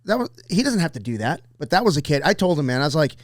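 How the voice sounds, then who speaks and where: A man's voice: on the high side, sing-song, quick pace, no room sound, clean studio sound. A man telling rambling, profane anecdotes on a casual podcast.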